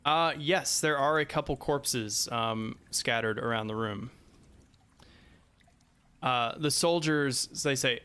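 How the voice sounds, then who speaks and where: A man's voice: medium pitch, slow, pauses often, pushed and bright, smooth. A man narrating as game master of a tabletop game, hesitant and full of fillers.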